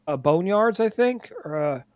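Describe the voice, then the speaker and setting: A high-voiced man co-hosts a podcast, trading deadpan jokes in halting bursts full of restarts. The sound is dry and close, with no room around it. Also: clear, resonant tone, no room sound, muffled recording. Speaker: podcast co-host. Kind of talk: casual podcast banter.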